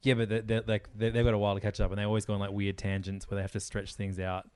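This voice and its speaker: A man co-hosting a podcast in casual chat, halting and playful, often restarting his sentences. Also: lowish voice, monotone, a little mellow, clear, resonant tone, no room sound, clean studio sound. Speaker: podcast co-host.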